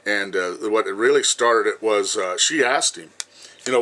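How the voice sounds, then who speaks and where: A man in his fifties with a low voice and a bright, forceful edge tells a long personal story straight to his viewers. He rambles, jumps around, and leans on "you know" between thoughts. He swears without hesitation and speaks bluntly. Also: a little slow, a little hiss or hum, poor audio. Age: 50s. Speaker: vlogger.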